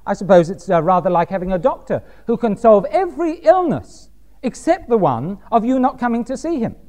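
A man preaching a sermon, reading scripture slowly and pressing his points with emphatic rhetorical questions. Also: high-pitched, big pitch swings, darkish tone.

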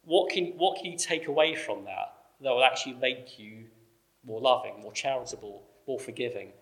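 A man teaches a congregation in a relaxed, conversational way. His voice sits in an ordinary middle pitch, and he explains step by step, pausing with ums and uhs as he goes. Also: vocal fry. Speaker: preacher. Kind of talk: church teaching talk.

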